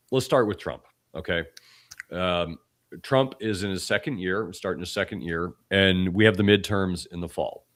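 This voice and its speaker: Podcast host, male, hoarse from a bug, deep low voice, opinionated, restarts a lot. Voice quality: extra deep voice. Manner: blunt, opinionated, with frequent restarts. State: hoarse from a cold. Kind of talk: casual podcast commentary.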